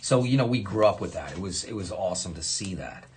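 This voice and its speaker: A middle-aged man hosting a casual livestream while signing cards, chatty and enthusiastic, with sudden loud exclamations. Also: sits low, expressive, fast, slight background noise. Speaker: fantasy artist hosting a livestream.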